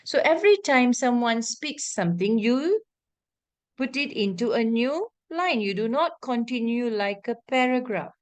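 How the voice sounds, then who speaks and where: A woman's voice: fairly high pitch, a little slow. A woman with a Malaysian English accent teaching an online English lesson, explaining patiently and often checking in with her students. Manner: reads example passages aloud with expressive intonation.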